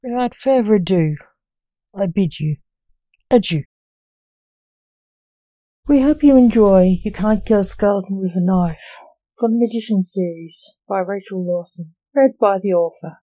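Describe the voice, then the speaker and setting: Slow, dark-toned woman narrating. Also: medium pitch, dry recording. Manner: steady, measured reading. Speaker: author reading her own story. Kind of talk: scripted audiobook narration.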